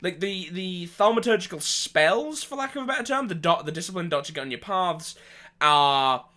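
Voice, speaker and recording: Bright-voiced rambling male storyteller. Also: sits high, expressive, moderate pace. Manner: rambling, lots of fillers and restarts; casual, swears offhandedly. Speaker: podcast host.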